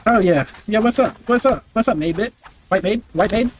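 Very high-voiced brash male gamer. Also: normal speed, a little hiss or hum. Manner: brash, excitable trash talk with swearing; barks repeated commands and chants. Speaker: gaming video creator. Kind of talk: live gameplay commentary.

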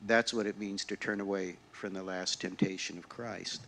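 A man giving a quiet, reflective, conversational sermon in a church sanctuary. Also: low-pitched, fairly even intonation, moderate pace, slight background noise. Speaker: lay speaker. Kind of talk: sermon with readings.

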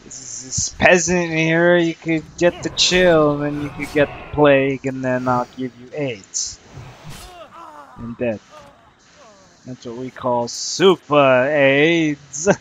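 A man's voice: fairly high pitch, lively intonation, a little slow, fairly bright tone, poor audio. A young man giving crude, rambling let's play commentary, swearing constantly and muttering at the enemies he fights. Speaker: gamer playing solo.

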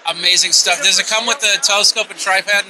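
A man's voice: high voice, steady tone, quick pace, noisy background. A man hosting a tech show, interviewing an exhibitor on a trade show floor in a jokey, playful way. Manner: jokey, playful with running gags.

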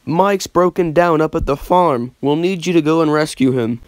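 A man voicing a brisk yardmaster giving urgent orders. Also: a little high, no echo, voice pushed up, natural voice. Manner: urgent, commanding.

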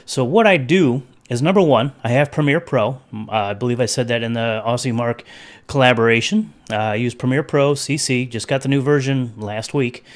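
A man's voice: medium pitch, moderate pace. A man hosting a casual livestream over his webcam, rambling between topics and greeting chat viewers by name. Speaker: livestream host.

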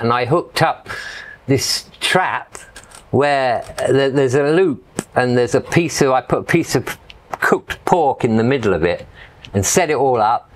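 An English-accented, middle-aged interview guest from England tells stories casually and loosely, peppering them with "you know." His voice is mid-range, with slight background noise in the recording.

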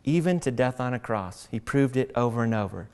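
A male pastor giving a sermon, reading scripture aloud and then preaching with animated, acted-out voices. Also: medium pitch, brisk, smooth, big-room sound. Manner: animated, acts out mocking voices.

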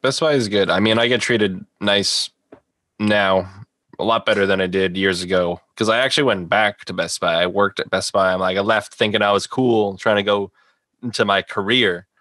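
A man's voice: fairly low pitch, fairly even intonation, moderate pace, sharp tone, no echo. A man co-hosting a podcast, easygoing and teasing, laughing often. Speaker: podcast co-host. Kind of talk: casual podcast chat.

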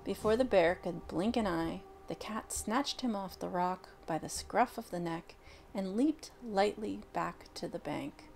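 Gravelly-voiced woman reading a storybook aloud. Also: mid-range voice, a little hiss or hum. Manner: expressive, unhurried reading with dramatic pauses.

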